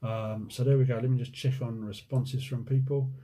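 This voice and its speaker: Relaxed, husky man with a Jersey accent. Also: mid-range voice, normal speed. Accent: Jersey, mixed with time in the USA. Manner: chatty and joking, reads questions aloud, hums while scrolling. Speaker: window cleaning business owner answering viewer questions. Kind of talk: casual Q&A vlog.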